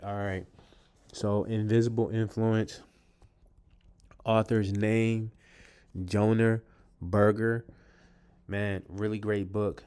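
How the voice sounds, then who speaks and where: A man's voice: on the low side, flat delivery, slow, pauses often, darkish tone, clean tone. A man casually talking to his viewers about his favorite books, rambling, with many ums and restarts. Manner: addresses viewers as "you guys". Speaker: vlogger reviewing books. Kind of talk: casual talk to camera.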